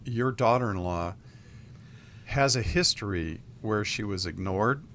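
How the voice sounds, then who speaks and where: Low-voiced man giving counsel. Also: animated, a bit bright, slight background noise. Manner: measured, advising. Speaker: co-host counselor. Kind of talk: radio advice talk.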